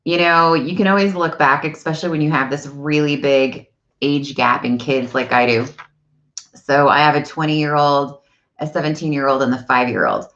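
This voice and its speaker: Animated low-voiced woman telling stories. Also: normal speed, dull audio. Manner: animated storyteller. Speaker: vlog host. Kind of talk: casual live-stream chat. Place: home, indoors.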